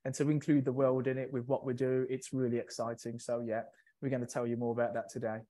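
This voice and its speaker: A man's voice: medium pitch, flat delivery, fast talker, mellow. A man speaking as a guest on an online finance webinar, upbeat and enthusiastic. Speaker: senior territory manager, guest speaker.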